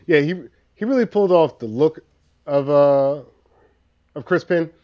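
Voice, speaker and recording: A man co-hosting a casual film podcast, talking in halting, restarting sentences. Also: a little high, lo-fi sound. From US East Coast. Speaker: podcast co-host. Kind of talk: casual movie-review chat.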